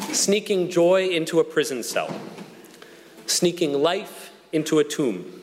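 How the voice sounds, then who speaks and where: A mid-pitched man delivers a sermon with earnest, measured phrasing and deliberate pauses. His voice carries through a church sanctuary. A long hall reverb trails each phrase. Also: very animated, a little hiss or hum. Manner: measured, earnest preaching with slow emphatic pauses. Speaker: pastor.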